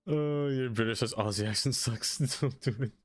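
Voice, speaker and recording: While streaming a game, a man chats casually, laughs often and talks to the objects he builds. His voice is medium-pitched and his pace moderate.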